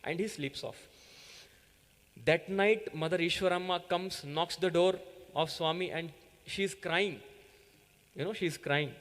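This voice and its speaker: An earnest man tells a devotional story to children, often checking in with his listeners. His voice sits high for a man. A long hall reverb trails after his words. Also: a little slow, pauses often, a bit bright. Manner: earnest storytelling, frequent "right?" and "yeah?". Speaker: youth coordinator giving a talk.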